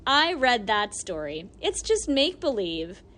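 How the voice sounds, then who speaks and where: A woman's voice: fairly high pitch, big pitch swings, a little slow, fairly bright tone. A woman reading an audiobook voices a young boy who sounds flustered and protests. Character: startled young boy living alone in the woods.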